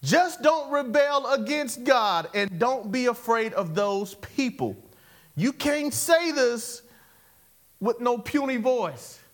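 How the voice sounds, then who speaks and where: A man's voice: very high-pitched, animated, slow pace, hardly any pauses, a bit bright. A male preacher giving a sermon, leading call-and-response with the congregation and repeating catchphrases as he exhorts them. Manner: exhorting, repeats catchphrases, chuckles between points.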